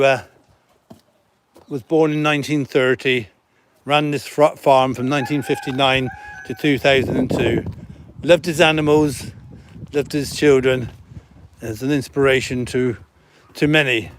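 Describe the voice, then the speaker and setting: A chatty middle-aged man with a slightly high voice, talking casually outdoors on a farm. He giggles and slips into cooing baby-talk for the animals. Chickens and birds cluck in the background. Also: slight background noise. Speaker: farm centre host. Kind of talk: casual live stream chat with animals.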